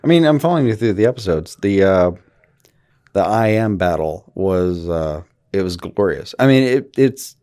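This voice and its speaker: A man's voice: low-pitched, expressive, moderate pace, dark tone. A man co-hosting a podcast in casual chat. He is laid-back and mostly adds short agreeing remarks. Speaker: podcast co-host.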